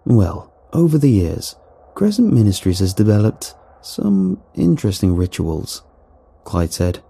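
A man reading a horror story aloud in a dramatic, animated way, with faint music behind. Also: fairly low pitch, unhurried, vocal fry, breathy edge. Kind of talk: scripted horror narration.

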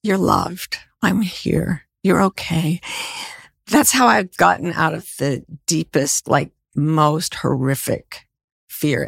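A middle-aged woman, a guest author and life coach, talking in a soft, soothing way that sinks toward a whisper. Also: on the low side, a little slow, vocal fry, breathy edge, no echo, studio quality. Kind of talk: heartfelt interview talk.

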